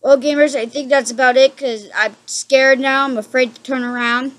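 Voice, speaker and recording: A woman's voice: high-pitched, fairly even intonation, moderate pace, fairly bright tone. A woman hosting a gaming channel, giving horror game commentary from a room at home; she is frightened, jumpy and keeps apologizing.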